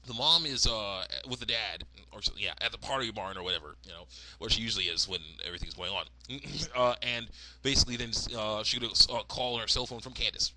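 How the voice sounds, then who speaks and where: A man's voice: on the low side, a little fast, pushed and bright, a little hiss or hum, rough recording. A man giving casual, rambling commentary as a cartoon fan, laughing often. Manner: rambling, with frequent laughs and fillers.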